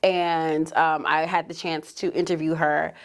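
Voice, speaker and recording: A woman's voice: low-pitched, measured pace. A woman in her twenties, a journalist guest telling her story openly in a podcast interview, acting out what people said. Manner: open, animated storyteller who acts out quotes. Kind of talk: candid conversational interview.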